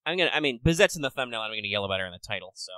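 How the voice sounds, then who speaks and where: A man co-hosting a podcast in casual chat, rambling and swearing with quick bursts of excitement. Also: mid-range voice, dry recording, rough recording. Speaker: podcast co-host.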